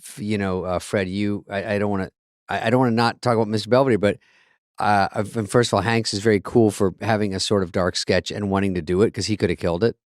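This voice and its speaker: A man's voice: fairly low pitch, fairly even intonation, fast, dry recording, clean studio sound. A middle-aged man co-hosting a podcast, rambling and cutting himself off mid-thought. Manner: rambling, self-interrupting, mumbles asides. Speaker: co-host. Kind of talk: casual podcast banter.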